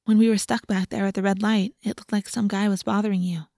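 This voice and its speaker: A woman's voice: medium pitch, steady tone, fast, dark tone, no room sound, clean studio sound, close to an everyday voice. A woman voicing a teenage girl who asks polite, hesitant questions. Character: friendly teenage girl offering help.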